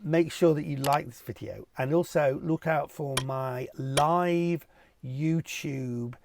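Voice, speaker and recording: A man's voice: fairly high pitch, takes it slowly, creaky, slight background noise. A cheerful middle-aged man hosting a casual Q&A, reading out viewer questions and answering them in a jokey, chatty way. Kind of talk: casual Q&A video.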